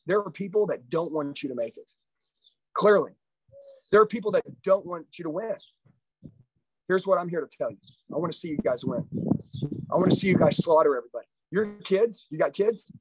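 Intense, high-pitched male sales coach. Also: husky, no room sound, poor audio. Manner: intense, confrontational, profane. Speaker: sales trainer. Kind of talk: live motivational speech. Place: live training session.

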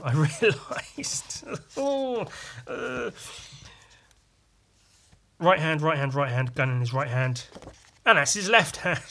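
Excitable sweary guy talking on his podcast, bright sharp voice. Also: a little high, slightly rough. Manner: profane, excitable, makes sound effects. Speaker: podcast host and comic artist. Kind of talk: casual chat walking through comic pages.

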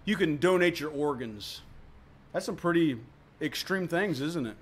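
A man preaching a sermon as pastor, emphatic, with sharp swings between loud and soft, often repeating words for emphasis. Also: a little high, animated, a little slow.

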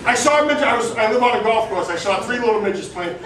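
Man, stand-up comedian, high voice, brash, profane, roomy club, distant mic, loud crowd. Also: expressive, fast talker.

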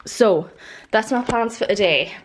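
Speaking a little slowly with lively intonation, a woman in her twenties chats to the camera as she tours her new home, rambling and leaning on "like." Her voice is on the high side, and there's slight background noise.

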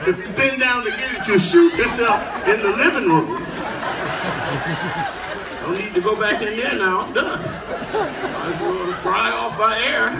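An older man performing a stand-up comedy set on a cruise ship, telling stories in an animated way and shouting his punchlines. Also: unhurried, gravelly, pauses often, heavy background noise. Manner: animated storytelling, shouting punchlines, high-pitched put-on cries. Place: cruise ship show lounge with a live audience. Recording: roomy live audio from far off, loud crowd.

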